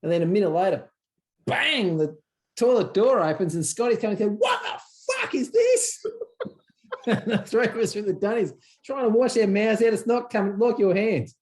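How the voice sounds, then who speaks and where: Slightly high-voiced man chatting. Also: a little fast. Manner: excited, emphatic storyteller who repeats himself. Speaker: podcast host. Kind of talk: casual chat.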